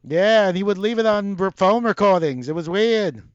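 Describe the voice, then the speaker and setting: A man's voice: high-pitched, lively intonation, moderate pace, no room sound, highs cut off. A man doing a brassy aging diva, sultry. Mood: sassy, sultry.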